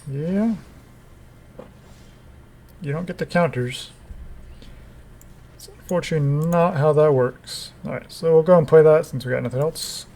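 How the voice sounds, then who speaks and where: A man's voice: fairly high pitch, a little slow, pauses often, mellow. Man giving dry, wry game commentary. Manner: dry, wry asides to the opponent. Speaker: gameplay commentator. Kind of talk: casual gameplay commentary.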